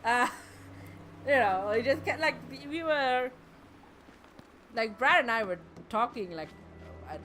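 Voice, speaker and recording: A woman's voice: fairly high pitch, lively intonation, unhurried, long pauses, fairly bright tone, slight background noise. A woman VTuber chatting casually and rambling while she plays a game on a fundraiser stream, laughing often and swearing now and then. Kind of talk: casual live-stream chat while gaming. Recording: game music playing clearly behind.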